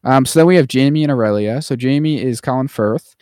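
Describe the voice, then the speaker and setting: A man co-hosting a chatty podcast, rambling through a film recap with plenty of ums, now and then breaking into a mocking high voice. His voice sits at a middling pitch. The recording is dry and close. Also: a little fast, a little mellow, clean tone, dry recording. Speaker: podcast co-host. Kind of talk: casual chat.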